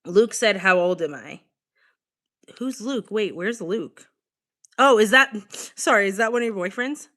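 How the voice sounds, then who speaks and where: A woman's voice: medium pitch, lively intonation, measured pace, pauses often, fairly bright tone. Young woman, casual livestream chat, laughs a lot, swears casually, chatty. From Boston, USA. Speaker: livestream host.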